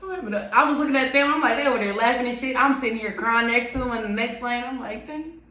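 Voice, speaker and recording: A woman's voice: fairly high pitch, fast, sharp tone. A woman co-hosting a podcast in casual chat, candid and profane about her feelings. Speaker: podcast co-host. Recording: echoey room.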